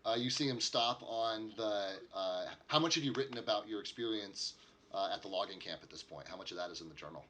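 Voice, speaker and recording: A man's voice: on the low side, fairly quick, a bit bright, a little hiss or hum. A man narrating as a game master in a casual, rambling way, with many fillers.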